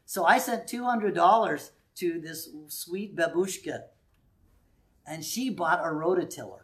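A man preaching a sermon in a conversational, animated way, with sudden quiet asides. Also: fairly high pitch, moderate pace. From United States.

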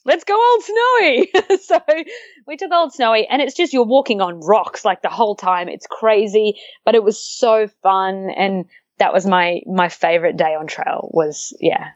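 A woman with an Australian accent, chatting as an interview guest and telling lively stories with frequent laughter. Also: medium pitch, moderate pace, dry recording, highs cut off. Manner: animated storyteller, laughs often, acts out quotes. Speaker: interview guest, long-distance hiker. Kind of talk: casual interview chat.

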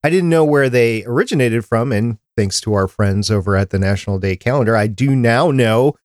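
A man's voice: medium pitch, brisk, darkish tone, dry recording, studio quality. A man from Minnesota hosting a fan podcast, chatty and rambling in casual talk. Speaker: podcast host.

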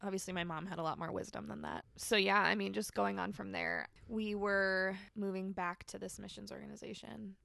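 A woman's voice: mid-range voice, level tone, a little fast, gravelly, hardly any pauses, bright, forceful tone, no echo. A young woman telling her personal story as a podcast guest, candid and conversational, full of "like" fillers. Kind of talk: personal testimony in a podcast interview.

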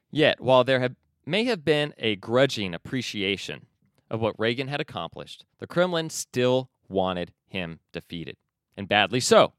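A man's voice: medium pitch, sing-song, slow, a bit bright, clear, resonant tone, no echo, studio quality. Man hosting a news commentary podcast. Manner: reads book passages aloud, asides. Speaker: podcast host.

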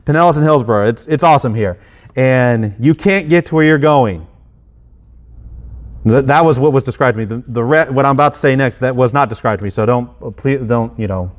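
A middle-aged man, preaching a sermon in a relaxed, self-deprecating way, with acted asides and frequent restarts. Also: mid-range voice. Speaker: pastor.

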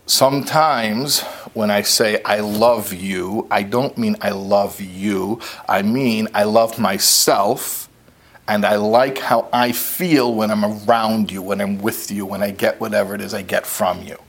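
A man giving a conversational lecture, telling a parable in an animated, plain-spoken way. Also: lowish voice, measured pace, vocal fry, slightly rough. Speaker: speaker. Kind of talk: storytelling lecture.

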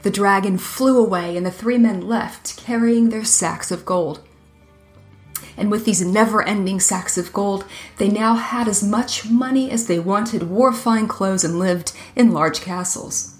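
A woman narrating a fairy tale in an even, measured reading. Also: medium pitch, faint music behind. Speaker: storyteller.

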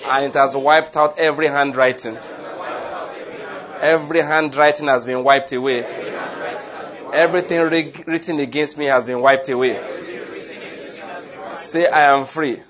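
A man's voice: mid-range voice, fairly even intonation, a little slow, pauses often, crowd noise. A man preaching, leading his congregation in emphatic, repeated call-and-response declarations. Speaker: pastor. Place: church with congregation. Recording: congregation audible behind.

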